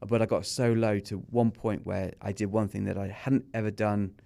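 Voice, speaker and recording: A man's voice: lowish voice, flat delivery, moderate pace, gravelly, warm tone. A middle-aged English man with an English accent, speaking as a podcast guest and telling his story candidly and earnestly. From England. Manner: earnest and openly confessional, acts out remembered dialogue. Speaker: podcast guest, small business owner. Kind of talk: candid personal storytelling in an interview.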